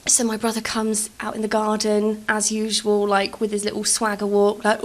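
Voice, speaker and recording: A woman's voice: on the high side, fairly even intonation, moderate pace, few pauses. A young British woman hosting a game channel, telling a rambling anecdote with lots of fillers over a speed build. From Britain.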